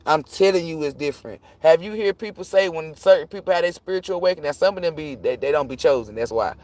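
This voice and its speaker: A man reading tarot on a live stream, ranting casually and profanely, rambling and cutting himself off, jumping between loud bursts and low muttering. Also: quick pace, dry recording. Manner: profane, rambling, self-interrupting; animated, jumps between shouting and muttering.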